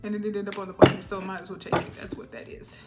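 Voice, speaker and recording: Loud music plays behind a woman doing a spiritual tarot reading for her viewers. Her medium-pitched voice is flat and quick, yet her manner is emphatic and sassy, with frequent "all right?" check-ins.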